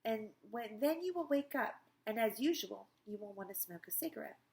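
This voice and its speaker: A woman voicing a calm, sly male psychiatrist who hypnotizes his patient, speaking slow, soothing instructions in a storybook read-aloud. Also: on the high side. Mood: hypnotic.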